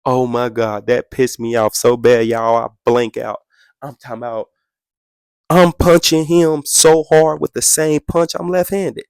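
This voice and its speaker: Young man, podcast guest, animated storytelling, high-pitched acted-out quotes, sound effects, dry close sound. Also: a little slow, clear, resonant tone, no echo. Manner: excitable, acts out quotes in a much higher voice, sound effects.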